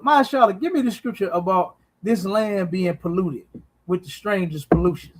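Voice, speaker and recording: A man's voice: sits high, moderate pace. A man hosting a podcast, preaching emphatically with profanity and repeated "you understand?". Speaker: podcast host.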